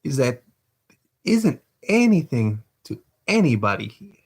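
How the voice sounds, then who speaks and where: A man reading aloud voices a slow-witted young male thief who pleads defensively. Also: mid-range voice, very animated, breathy edge, heavily acted. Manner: pleading, piles question on question.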